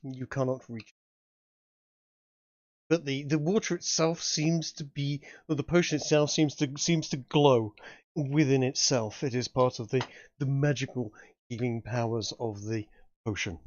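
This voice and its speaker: A man's voice: mid-range voice, unhurried, a little mellow, no echo, lo-fi sound. A man narrating a tabletop game as game master, often stumbling and repeating words.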